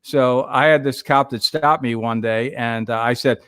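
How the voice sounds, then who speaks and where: A middle-aged man, a radio host, chatting casually on a livestream and telling stories with lively acted-out quotes. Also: mid-range voice, moderate pace, smooth, dry recording, studio quality. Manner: animated storyteller, acts out quotes.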